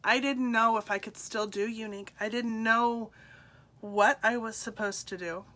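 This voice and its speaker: Mother, middle-aged, personal testimony; bright voice, pitched a bit high, halting and emotional. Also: steady tone. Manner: emotional, halting, with soft laughs. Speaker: speaker sharing her story.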